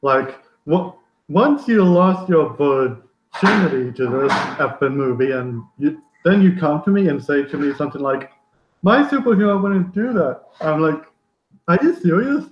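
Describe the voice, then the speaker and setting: A man's voice: a little high, expressive, unhurried, slight background noise. A man doing an exasperated ranting film director. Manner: exasperated, mocking, profane. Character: irritated male film director ranting at fans. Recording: roomy, dull lo-fi sound.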